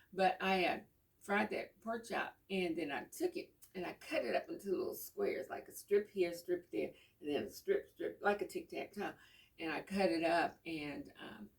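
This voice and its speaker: Casting: middle-aged woman, low gravelly voice, easygoing home chat, mic set back. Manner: rambling, homey storytelling. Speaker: vlogger. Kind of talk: casual chat. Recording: voice a bit far from the mic.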